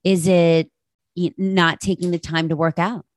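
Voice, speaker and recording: A woman in her late thirties talks through a personal reflection with her audience, open and confessional. Her voice sits low, and the recording is close and dry, with no room sound around her. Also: level tone, a little slow, dry recording. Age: 30s. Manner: candid, confessional, addresses listeners directly. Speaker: podcast host.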